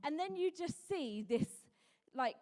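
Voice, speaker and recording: A woman's voice: high voice, lively intonation, unhurried, darkish tone. A young woman preaching a sermon in a chatty, self-mocking storytelling way, full of "like"s. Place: church hall. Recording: long hall reverb.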